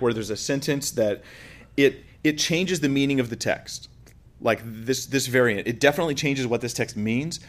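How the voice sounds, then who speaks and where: Man lecturing in a relaxed, chatty way. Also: medium pitch. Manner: conversational, explains with everyday examples. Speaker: teacher. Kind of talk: informal lecture.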